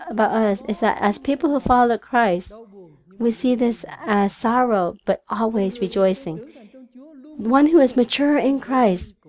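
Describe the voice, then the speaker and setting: With a voice on the high side, a woman who first spoke Vietnamese renders a church sermon in an earnest, halting manner full of restarts.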